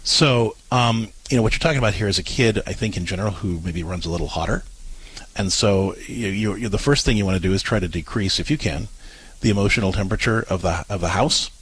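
Husky male co-host, lowish voice, earnest explainer on a parenting advice show. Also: fast talker, fairly bright tone, low-quality recording.

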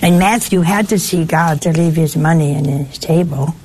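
A woman giving a conversational sermon in a folksy way, asking her listeners rhetorical questions and jumping up in pitch for emphasis. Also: moderate pace, darkish tone, a little hiss or hum. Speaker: preacher.

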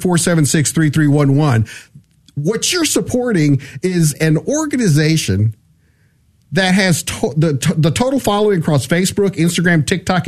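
A man co-hosting a Catholic radio pledge drive, energetic and enthusiastic as he keeps repeating the donation phone number. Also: on the high side. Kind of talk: radio fundraising appeal.

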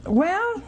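A woman preaching a sermon in a folksy storytelling manner, asking the listeners questions and acting out the lines she quotes. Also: a little hiss or hum.

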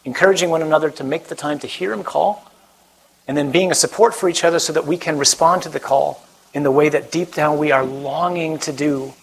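A man's voice: a little high, brisk, creaky, husky, low-quality recording. A man, a Catholic priest, giving a conversational sermon, joking with the audience and putting questions to them.

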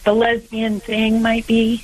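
Hesitant middle-aged woman calling in slowly. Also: a little high, monotone, darkish tone, poor audio. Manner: hesitant, many ums. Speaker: caller.

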